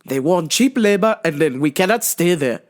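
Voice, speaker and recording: A stern, worried older immigrant father, as a woman puts him on while telling a story. He speaks low and grave. He insists on his warnings. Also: lively intonation, normal speed, lightly acted.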